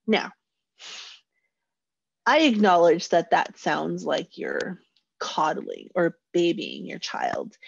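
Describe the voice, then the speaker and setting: A woman's voice: fairly low pitch, a little mellow, husky, no room sound. A woman giving a casual parenting workshop, explaining how to validate children's feelings and acting out short parent and child lines in a lifted voice. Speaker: parenting educator. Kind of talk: informal parenting workshop talk. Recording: dull lo-fi dry sound.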